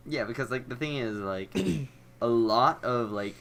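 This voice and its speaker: A man's voice: medium pitch, measured pace, a bit bright. A young man chatting on a casual podcast, throwing in playful quips. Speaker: podcast co-host. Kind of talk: casual chat.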